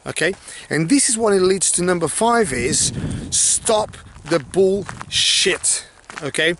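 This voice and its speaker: A man coaching in a blunt, animated motivational talk to camera, swearing freely and acting out people's worried thoughts. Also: high voice, slight background noise. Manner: mimics others' worried thoughts in asides. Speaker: life coach.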